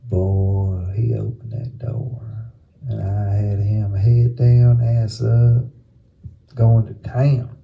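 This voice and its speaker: A man's voice: on the low side, little pitch movement, slow pace, gravelly, dull audio. A man co-hosting a podcast, telling a story in profane, casual chat with laughs. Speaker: podcast co-host.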